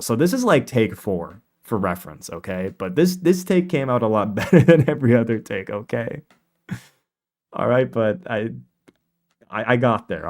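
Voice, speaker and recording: A man's voice: lowish voice, a little mellow. A male streamer in casual live-stream chat, laughing at himself and rambling with fillers.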